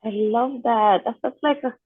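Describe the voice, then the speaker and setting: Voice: medium pitch, normal speed, slightly rough. An interviewer in a casual chat who encourages the guest and laughs along with her stories. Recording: tinny phone line.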